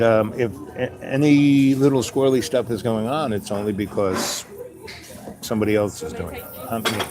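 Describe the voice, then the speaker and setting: A man hosting his own show, talking in a loose, meandering monologue full of "you know" asides, sometimes acting out little conversations. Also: medium pitch. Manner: acts out little dialogues with raised voice. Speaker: show host. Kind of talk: rambling casual monologue.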